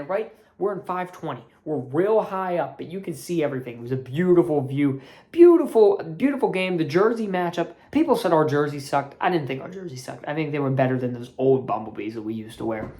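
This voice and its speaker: A woman hosting her own sports channel, delivering a fired-up, profane rant as a fan. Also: a little mellow. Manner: profane, fired-up ranting with big swings in pitch. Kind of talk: ranting sports commentary vlog.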